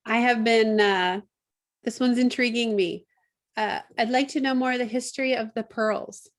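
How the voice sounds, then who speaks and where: A woman's voice: on the high side, steady tone, moderate pace. A woman asking questions on a video call in a friendly, encouraging way. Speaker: interviewer. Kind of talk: casual chat on a video call.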